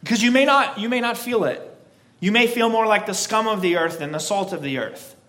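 A man with a fairly high voice delivers a sermon as pastor. He speaks emphatically, repeating key phrases with a slow, stressed preaching cadence. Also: a bit bright.

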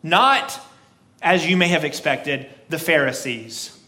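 A man with a fairly high voice delivers a sermon as pastor. He speaks emphatically, repeating key phrases with a slow, stressed preaching cadence. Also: lively intonation, sharp tone.

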